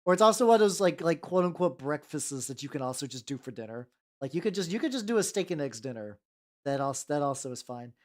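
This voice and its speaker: A streamer from the United States talks fast, with a medium-pitched voice and big pitch swings. Painting miniatures while chatting casually with live chat, they ramble, swear freely, and trail off mid-thought.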